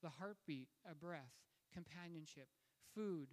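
A man's voice: on the high side, measured pace. A man preaching a sermon and telling a story in a conversational way, with fillers and restarts. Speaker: pastor. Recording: long hall reverb.

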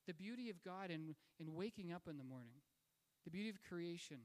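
A man's voice: high voice, animated, fairly quick. A man preaching a sermon and telling a story in a conversational way, with fillers and restarts. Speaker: pastor. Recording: long hall reverb.

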